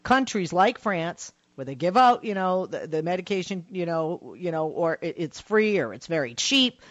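A woman's voice: lowish voice, animated, moderate pace, no room sound, lo-fi sound. A woman hosting a call-in radio show in casual chat, telling stories with lots of fillers. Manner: chatty storyteller, many fillers. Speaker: radio talk show host. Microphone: studio microphone.

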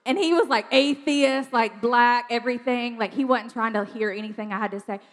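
A woman telling a lively testimony story in a chatty way, with lots of fillers and laughter. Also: on the high side, a little fast, long reverb tail. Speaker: ministry speaker sharing testimony.

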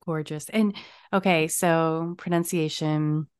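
Woman hosting a podcast, lowish voice, dry sound, gets excited. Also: smooth, no room sound. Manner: measured introductions, bursts of excited enthusiasm. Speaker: podcast host. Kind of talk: podcast interview.

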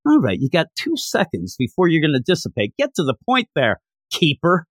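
A young adult man casually recapping a comic, chatty and excitable, laughing often. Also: on the high side, normal speed, husky, dry recording, studio quality. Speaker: comic book reviewer.

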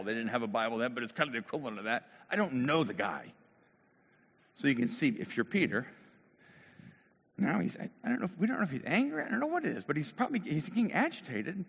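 Male pastor, gravelly voice, storytelling sermon, long hall echo. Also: on the high side, fairly bright tone. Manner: storytelling, acts out quoted voices.

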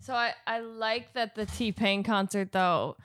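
A woman in her twenties co-hosting a casual chat, giggly and quick to act out other people's lines. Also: mid-range voice, steady tone, fairly bright tone, dry recording. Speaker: podcast co-host.

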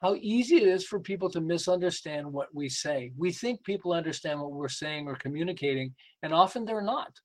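This interview guest, an older man who coaches sales and behavior, storytells with a fairly high voice, brisk and with few pauses. He performs the voices of the people in his stories and laughs frequently, though the recording is rough.

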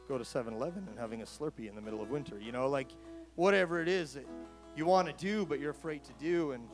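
Guy preaching, pretty high voice, chatty then punchy, soft guitar behind. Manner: conversational preaching, rising to emphatic calls. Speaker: pastor. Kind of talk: sermon.

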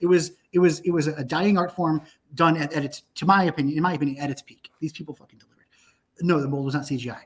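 A man with a slightly high voice talks as a filmmaker guest in a loose podcast chat. He tells stories emphatically and swears often. He doubles back and restarts his sentences as the words pour out. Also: fairly even intonation, quick pace. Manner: profane, emphatic storytelling with frequent restarts. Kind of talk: animated casual podcast conversation.

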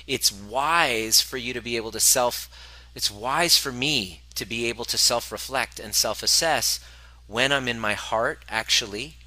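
Bright-voiced man coaching earnestly. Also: lowish voice, no echo, low-quality recording. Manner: earnest, self-reflective, acts out inner voices. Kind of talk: live coaching talk.

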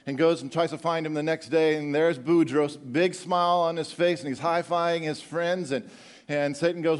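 A middle-aged man preaching a sermon, animated and joking with the congregation, often repeating words as he goes. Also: fairly high pitch, moderate pace. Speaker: pastor.

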